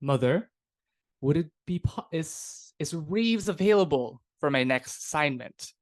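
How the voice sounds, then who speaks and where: A cocky young noble monster hunter, as a man plays him in a tabletop game, breezy and boastful, and at times flustered. The speech is slow and unhurried. The sound is dry and close. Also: on the high side, animated, no echo, voice pushed up.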